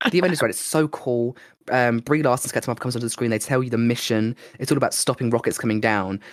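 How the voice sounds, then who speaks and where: A slightly hoarse man co-hosting a podcast, telling rambling, excitable stories in casual chat. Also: mid-range voice, dry recording, studio quality. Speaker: podcast co-host.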